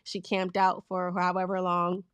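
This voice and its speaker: A woman from Virginia hosting her own talk show, telling news stories in a frank, animated way and laughing as she goes. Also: lowish voice, unhurried, smooth, dry recording, dull audio. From Virginia, USA. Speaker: show host. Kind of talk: casual talk-show commentary.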